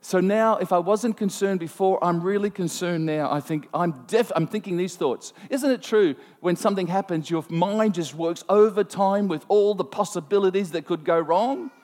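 Animated preacher in a reverberant hall. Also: male voice, high-pitched, normal speed, few pauses. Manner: storytelling, animated, self-mocking asides. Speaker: pastor. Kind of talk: sermon.

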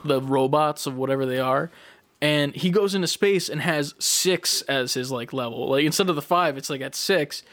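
Animated young man telling a gaming story. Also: on the high side, normal speed. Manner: animated storytelling, acts out quotes, swears a lot. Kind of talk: casual chat.

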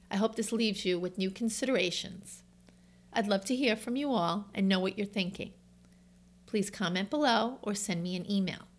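A woman with a New York accent hosts a wellness talk at an ordinary middle pitch. She sounds upbeat and enthusiastic, with chatty asides between her scripted tips. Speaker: wellness author and host.

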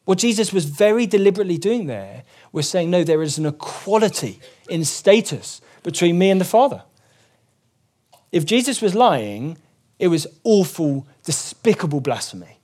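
A man's voice: high-pitched, very animated, normal speed, a little mellow. A man preaching a sermon, earnestly explaining scripture and rising emphatically when he quotes it.

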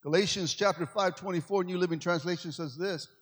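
A man's voice: high-pitched, brisk, a bit bright. A man preaching a sermon as pastor, with repeated "amen" and "come on" to his congregation. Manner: preachy call-and-response, frequent "amen" and "come on". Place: church sanctuary. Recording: long hall reverb.

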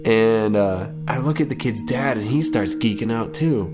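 Young man, late twenties, deep low voice, laid-back, rambling, self-correcting, casual storytelling. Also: normal speed, over loud music. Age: 20s. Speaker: storyteller guest.

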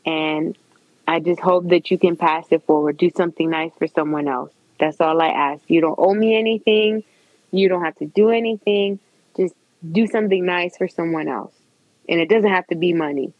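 A woman with a slightly husky, low-set voice tells a personal story in casual chat, acting out the voices of the people in it. The sound is dry and a little dull, with no room around it. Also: moderate pace, no room sound. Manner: animated storyteller, lively retold quotes.

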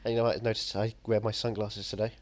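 A man in a casual podcast conversation, speaking at a mid pitch in an everyday voice. He rambles from thought to thought, tossing in jokes and silly wordplay. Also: level tone, fast talker, a little mellow. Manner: joking, rambling, wordplay asides. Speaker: podcast co-host. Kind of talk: casual chat about a TV series.

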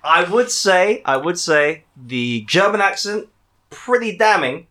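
A man's voice: high-pitched, big pitch swings, slow, pushed and bright. A man hosting a casual book-discussion podcast, joking and rambling with fillers and restarts.

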